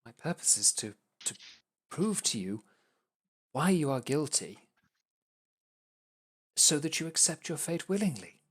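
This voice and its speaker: A nervous rookie court defender fumbles through a tabletop game, voiced by a man pitched well above his own voice. He stammers and restarts, earnestly certain of the wrong thing. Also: sing-song, measured pace, long pauses, fairly bright tone, husky, full character voice. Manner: stammering, flustered.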